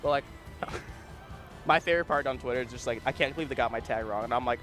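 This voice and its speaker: A man's voice: medium pitch, quick pace, fairly bright tone, soft background music. A man co-commentating a live esports tournament, joking and playful with slangy banter.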